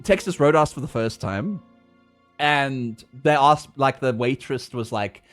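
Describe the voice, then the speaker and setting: A man's voice: mid-range voice, unhurried, soft background music. A young South African man streaming a game, ranting in casual, profane, laughing chat. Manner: animated, profane, laughing rants.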